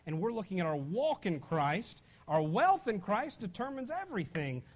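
Animated high-voiced preacher man. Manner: animated, conversational preaching with asides to the congregation. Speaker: pastor. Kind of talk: sermon.

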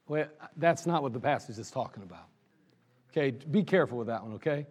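A man's voice: mid-range voice, expressive, a little fast, a little mellow, husky. A man preaching a sermon as pastor, in a conversational style, reading scripture aloud and acting out little everyday scenes. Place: church sanctuary. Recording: long reverb of a church sanctuary.

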